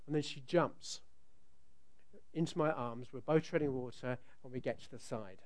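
A middle-aged man preaching a sermon, telling a family story with animated, sometimes loud delivery. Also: mid-range voice, moderate pace. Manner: animated storytelling, rising to loud outbursts when acting out scenes.

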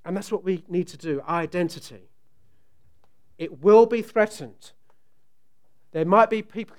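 A man's voice: high-pitched, animated, moderate pace. A middle-aged man preaching a conversational sermon, joking with the congregation and asking them questions. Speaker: pastor.

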